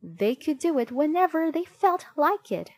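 A woman reading a children's storybook aloud in an expressive, clear way. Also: sits high, normal speed, no room sound. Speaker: storybook reader. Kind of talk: children's book read-aloud.

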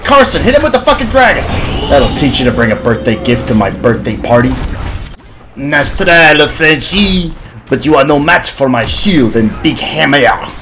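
A man trash-talks his way through a video game match in a loud, profane comic rant. His voice jumps all over its range as he swings into mock-whiny, theatrical bits. Music plays clearly behind him. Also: mid-range voice, big pitch swings, a little fast. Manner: loud, profane trash talk aimed at other players. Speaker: gamer playing and joking over his match. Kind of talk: comic gameplay commentary. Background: background music.

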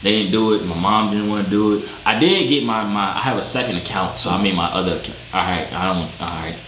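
A man chatting with strangers on a video chat, loud, joking and slangy, in a gaming room. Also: lowish voice, fast. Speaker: vlogger chatting with strangers online. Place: gaming room with sound panels. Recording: echoey room, faint background noise.

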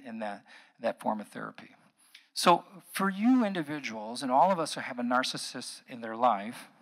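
A middle-aged man, a psychologist, giving an earnest public lecture that moves between quiet asides and emphatic passages. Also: medium pitch. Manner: earnest, shifting from soft asides to emphatic outbursts.

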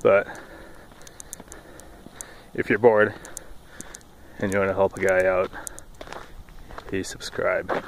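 A man's voice: low-pitched, flat delivery, slow pace, gravelly, long pauses, a little hiss or hum, poor audio. A man vlogging casually while walking outdoors on a path, telling rambling, jokey stories.

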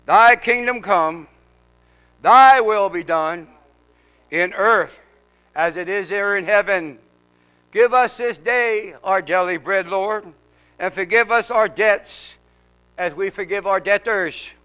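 A man's voice: sits high, slow pace, pauses often, bright, forceful tone, clean tone, rough recording. A male preacher leading a congregation in prayer in an auditorium, fervent, with rhythmic, repeated calls.

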